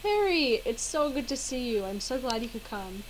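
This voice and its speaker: Woman reading a dreamy whimsical young witch, soft plain reading, slightly high voice. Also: sing-song, moderate pace, a little hiss or hum, rough recording.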